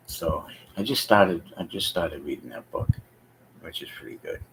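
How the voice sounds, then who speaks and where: A deep-voiced man talking loosely on a home live stream, stopping often to search for words and second-guess himself. A faint hum sits behind his voice. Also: lively intonation, normal speed. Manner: rambling, hesitant, thinking aloud with many fillers. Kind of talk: casual live-stream chat. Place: home basement.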